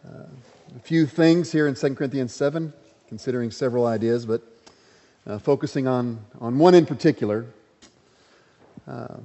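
A man's voice: medium pitch, warm tone. A male pastor delivering an evening sermon in a church, speaking in a mid-range voice with a loose, conversational manner and many small fillers. His voice rings with a long reverb and the recording sounds somewhat dull and muffled. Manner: conversational, frequent "uh" fillers, rising emphasis.

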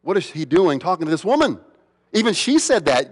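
A male pastor delivering a lively sermon with a slightly high voice. He fires off rhetorical questions, pushes some lines hard, and drops to a near hush for others. His voice carries with a long reverb, as if from a large church hall. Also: fairly quick. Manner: animated preaching, rhetorical questions, swings from loud to hushed.

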